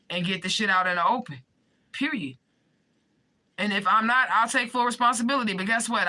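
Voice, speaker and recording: A woman's voice: medium pitch, bright, forceful tone, rough recording. A woman in a direct-to-camera vlog rant, swearing often and pleading with emphatic repetition. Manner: impassioned, pleading. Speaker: vlogger addressing viewers.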